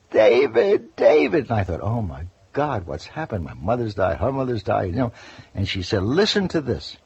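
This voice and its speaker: An older man with a very husky, breathy voice and a fairly low pitch tells his stories in an interview. He acts out the quotes as he goes. The recording is dull and lo-fi, like an old radio broadcast. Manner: lively anecdotes with acted-out quotes. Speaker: interview guest, former news correspondent. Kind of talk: storytelling interview.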